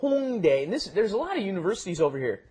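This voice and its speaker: A man explains Korean phrases to listeners in a relaxed podcast lesson. His husky voice swings up and down with lively pitch, and he keeps asking "right?" as he goes. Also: fast. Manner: chatty, explains with many "right?" tags. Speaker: Korean language teacher co-host.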